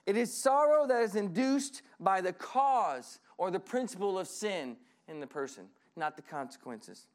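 A man preaching a sermon in an animated, conversational way, slipping into acted voices. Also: sits high, normal speed, hardly any pauses. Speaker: pastor.

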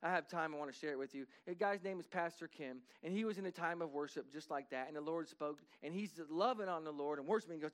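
A man's voice: on the high side, quick pace, hardly any pauses. A man preaching a sermon in a church, earnest and conversational, building in intensity. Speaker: pastor. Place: church sanctuary.

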